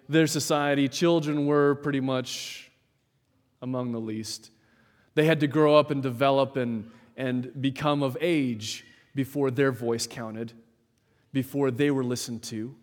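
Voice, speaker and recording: A man preaching a sermon in a measured, emphatic way, with dramatic pauses, in a large church hall. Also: medium pitch, steady tone. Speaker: pastor. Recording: long hall reverb.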